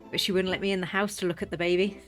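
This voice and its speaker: Chatty British mum, low voice. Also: female voice, flat delivery. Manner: rambling, chatty, quick to laugh. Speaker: gaming vlogger. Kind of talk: casual chat over gameplay. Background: faint game music.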